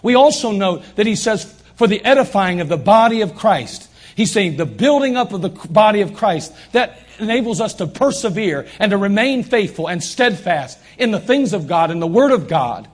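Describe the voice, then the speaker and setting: Male pastor, sermon in a church, raspy tone, pressing points by repetition. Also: high voice, animated, normal speed, few pauses. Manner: emphatic preaching with repeated phrases. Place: church sanctuary.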